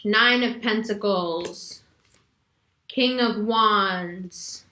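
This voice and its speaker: A woman's voice: medium pitch, very slow, bright, forceful tone, roomy sound. Frank, slangy woman reading tarot. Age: adult with a son. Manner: laughs often while talking. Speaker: tarot reader. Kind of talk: casual tarot reading monologue.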